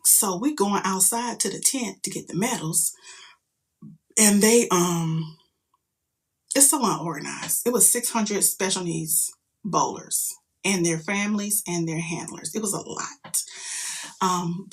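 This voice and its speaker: A middle-aged woman, a mother, telling a story in casual chat, animated and profane, jumping into loud quoted outbursts. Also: medium pitch, husky.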